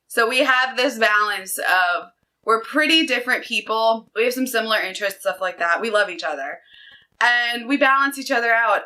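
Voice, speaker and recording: An energetic woman in her thirties talks to camera in a casual vlog. Her voice is bright and a little high, and she chats in a lively, upbeat way. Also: poor audio. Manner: chatty, energetic, upbeat storytelling. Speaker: book vlogger. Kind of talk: casual chat.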